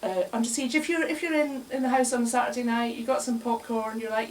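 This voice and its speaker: A woman with a fairly high voice gives a wry, chatty comic talk, laughing often at her own jokes. She is caught by a distant mic, with faint room noise around her voice in a bar. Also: fast, few pauses, darkish tone. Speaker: speaker at a live bar talk. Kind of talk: comic talk to a live audience. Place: bar, indoors, in front of an audience.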